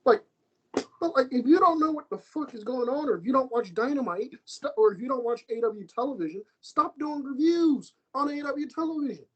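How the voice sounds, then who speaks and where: An American man talking wrestling on a casual podcast, animated and swearing, repeating himself as he rants. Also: extremely high pitch, a little fast, breathy edge, dull audio. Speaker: podcast co-host.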